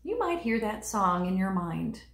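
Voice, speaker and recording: A woman leading a children's liturgy, teaching young kids in a gentle, encouraging way and speaking right to them. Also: mid-range voice, sing-song, a little slow, vocal fry, roomy sound.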